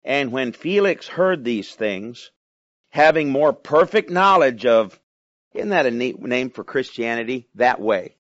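A man's voice: medium pitch, expressive, measured pace, no echo, dull audio. A man preaching a sermon in a conversational manner, often asking the listeners questions.

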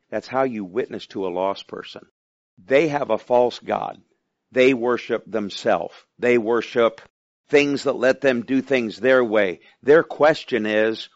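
Male preacher, mid-pitched, talking with the congregation; dry, muffled recording. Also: expressive, measured pace, no echo. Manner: conversational, asks the listeners questions. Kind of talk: sermon.

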